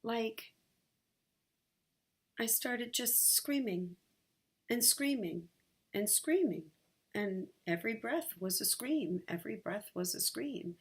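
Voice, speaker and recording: Slow, candid woman telling her story. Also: mid-range voice, animated, slightly rough. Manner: candid, halting, with many fillers. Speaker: vlogger. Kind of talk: personal storytelling vlog. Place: sunlit bedroom.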